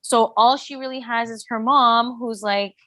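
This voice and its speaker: A woman's voice: on the high side, fairly even intonation, measured pace, sharp tone, no echo. A young woman co-hosting a podcast, talking casually and reasoning through a point with filler words. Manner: reasoned, thoughtful, filler-laden. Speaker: podcast co-host. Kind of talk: casual pop culture chat.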